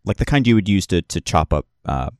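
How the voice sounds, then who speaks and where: A man's voice: sits low, animated, fairly quick, darkish tone, smooth, dry recording, clean studio sound. A man narrating as game master of a tabletop game, describing scenes in a rambling way full of fillers and restarts.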